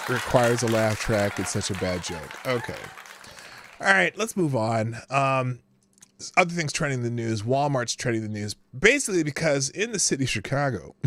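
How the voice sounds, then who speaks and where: A man's voice: mid-range voice, fairly bright tone, no echo. A middle-aged man hosting a live morning show, rambling and joking and often stumbling over his words. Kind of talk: casual live commentary.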